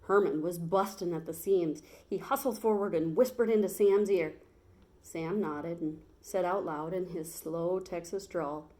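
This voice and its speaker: A woman teacher reads a picture book aloud to children. She tells the story in a lively, expressive way, lifting her voice at the exciting parts. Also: on the low side, measured pace.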